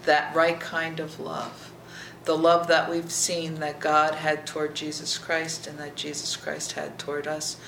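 Bible teacher explaining scripture verse by verse, gravelly and often hushed, recorded in an echoey room with noise behind. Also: mid-range voice, completely flat delivery, unhurried. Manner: reads scripture aloud, then explains it verse by verse; checks in with listeners by asking "okay?".

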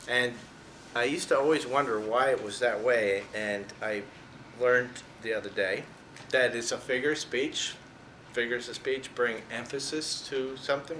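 A medium-pitched man with a bright, forceful delivery talks through the Bible in an informal, conversational style. He punches certain words hard and chuckles at his own jests, recorded in an echoey space with quiet noise.

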